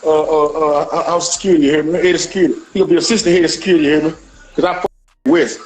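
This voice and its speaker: Brief: quick, high-pitched man, loose rambling banter over faint music. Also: steady tone, low-quality recording. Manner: rambling, repeats "you hear me". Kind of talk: casual banter.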